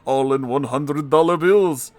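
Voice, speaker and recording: A man's voice: on the high side, measured pace, dry recording, pitched above the performer's own voice, close to an everyday voice. Man doing an unhinged vampire gangster boss. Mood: menacing. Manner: loud, over-the-top villain voice. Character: menacing cackling male vampire gangster boss.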